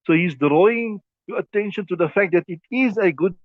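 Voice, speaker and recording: A man teaching from an Islamic legal text, with a fairly high voice. He walks through each point slowly and keeps checking in with his students. The sound is thin and phone-like, with no room around it. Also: no room sound. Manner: explains step by step, often checks "right?". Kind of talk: classroom text lesson. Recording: thin phone-like dry recording.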